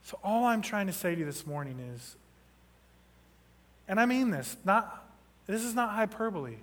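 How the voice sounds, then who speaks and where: A man's voice: high-pitched, big pitch swings, moderate pace, pauses often. A man in his thirties preaching a sermon, telling a story and building to impassioned emphasis. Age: 30s. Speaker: pastor. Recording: long reverb of a large hall.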